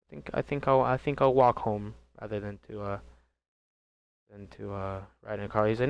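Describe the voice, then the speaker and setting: Low, smooth young man telling a story. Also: level tone, a little fast, lo-fi sound. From DC, Maryland and Virginia area. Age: young adult. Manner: casual, rambling, profane, with many fillers and restarts. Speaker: gaming vlogger. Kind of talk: storytime vlog.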